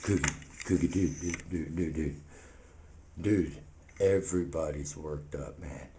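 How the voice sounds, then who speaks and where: A man voicing a cookie-obsessed monster who preaches slowly in a very deep, drawling voice. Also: fairly even intonation, dark tone, a little hiss or hum. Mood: mellow. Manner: solemn preaching about a cookie god.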